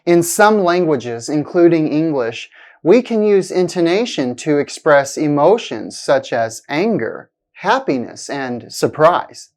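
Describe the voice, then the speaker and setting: A woman teaching a pronunciation lesson in a scripted, clear manner, stretching out example sentences. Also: deep voice, expressive, darkish tone. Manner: clear, deliberate, exaggerated intonation in examples.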